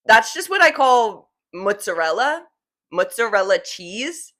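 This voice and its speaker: A young woman from New Jersey talks casually to her viewers, filling her sentences with "like" and laughing easily. She sounds relaxed and conversational, in her twenties. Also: medium pitch. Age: 20s. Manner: chatty, fillers of "like", laughs easily. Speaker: vlogger. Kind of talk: casual chat to camera.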